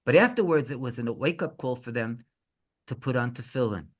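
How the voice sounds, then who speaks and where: A man, a rabbi, telling a story in a sermon, animated, with his voice climbing high for emphasis and stumbling through restarts. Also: a little fast.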